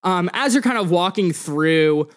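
Male game master; smooth, slightly high, casual and rambling. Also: animated, a little slow. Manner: casual, rambling, filler-heavy narration. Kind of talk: narrating a tabletop game.

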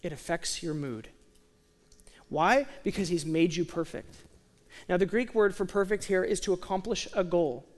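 A young male pastor delivers a sermon in a high, bright-pitched voice. He shifts between soft, slowed emphasis and lively, excited storytelling. The sound carries a long hall reverb, as from a large sanctuary. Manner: animated preaching, swings from quiet asides to excited storytelling.

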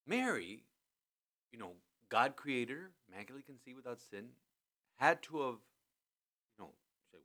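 A man hosting a podcast in a studio, talking through a scripture passage in a relaxed, chatty way with many restarts. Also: mid-range voice, fairly quick, long pauses. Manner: animated, lots of restarts and "you know". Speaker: podcast host. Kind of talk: conversational scripture commentary. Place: studio in a building with thin walls.

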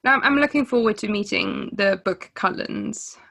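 A woman co-hosting a podcast, chatting in a relaxed, rambling way and laughing often. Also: medium pitch, normal speed. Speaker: podcast co-host. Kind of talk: casual book discussion.

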